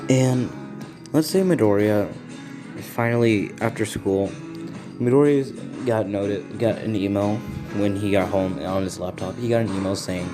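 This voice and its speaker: A man casually making up and narrating a story, rambling and halting as he goes. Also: fairly low pitch, over music. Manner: rambling, halting, loose and informal.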